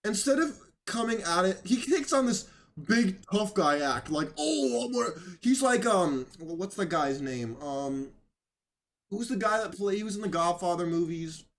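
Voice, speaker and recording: A man's voice: sits high, normal speed. A man hosting casual political commentary, sarcastic and rambling, who mocks others by putting on voices. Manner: rambling, with restarts.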